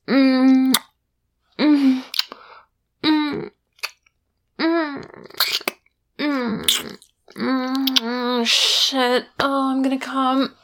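A young woman performing intimate adult audio role-play, breathy and sighing, often dropping to a whisper. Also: sits high, a bit bright.

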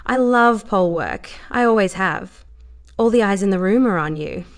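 A woman's voice: medium pitch, animated, moderate pace, lightly acted. A woman voicing a cheerful, naive young dancer with a Southern accent, talking in a bubbly, gushing way.

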